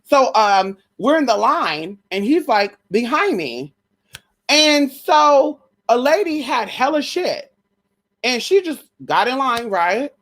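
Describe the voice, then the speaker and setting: Her voice sits a little high and a bit bright, swinging widely in pitch while she takes things slowly. She's a livestream host gossiping about celebrity spirits, sassy and slangy, swearing plenty.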